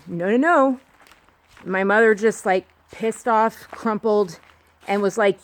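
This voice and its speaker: A woman's voice: medium pitch, measured pace, dry recording. A woman vlogging outdoors on a walk, talking earnestly and rambling with many restarts. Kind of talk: candid personal monologue.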